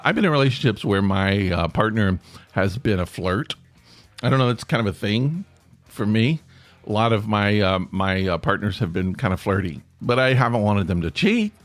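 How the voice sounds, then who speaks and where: A man's voice: fairly low pitch, very animated, normal speed, dry recording, soft background music. A man hosting a solo podcast in a casual, rambling way, often stopping and restarting his sentences. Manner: rambling, self-interrupting, chatty. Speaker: podcast host. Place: home near Atlanta.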